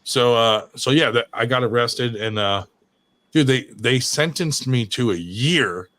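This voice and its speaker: A man's voice: mid-range voice, unhurried. A man spins a rowdy prank story in casual live-show chat. His voice sits in an ordinary middle register, and he swears constantly while jumping into voices for the characters he quotes. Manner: animated, swears a lot, acts out voices in his anecdotes.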